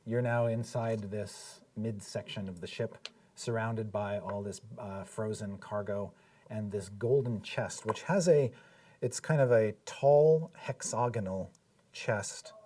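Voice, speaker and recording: A man narrating scenes as dungeon master of a live tabletop game, in a measured, descriptive way with frequent fillers. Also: fairly low pitch, dark tone, far from the mic.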